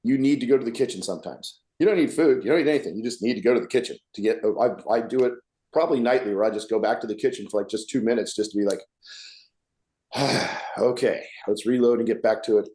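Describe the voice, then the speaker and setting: A man's voice: mid-range voice, very fast, mellow. A man co-hosting a casual podcast, a working bartender telling blunt stories and acting out customers. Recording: echoey room.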